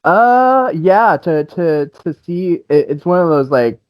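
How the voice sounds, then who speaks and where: A man's voice: high voice, big pitch swings, slow pace, dry recording. A man being interviewed as a band guitarist, talking in a loose, rambling way with lots of restarts, fillers and frequent laughs. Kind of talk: casual interview chat.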